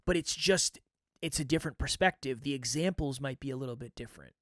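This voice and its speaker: A man's voice: medium pitch, fast talker, fairly bright tone, dry recording. A man hosting his own podcast, talking candidly and reflectively in a coaching manner into a close microphone. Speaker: podcast host. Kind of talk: reflective solo podcast talk.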